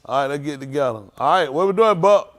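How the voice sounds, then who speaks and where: Male pastor, high animated voice, teasing and informal with a youth crowd. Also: fast talker. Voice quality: high lively voice that leaps up in mock singing. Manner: playful teasing, calls out names, Southern Black vernacular phrasing. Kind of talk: informal sermon with youth check-ins. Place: congregation hall.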